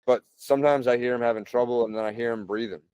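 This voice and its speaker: A man in his thirties, a podcast guest, talking in a relaxed, chatty way full of "like" and "you know" and clearing his throat often. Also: mid-range voice, fast talker, dry recording. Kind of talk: casual conversational storytelling.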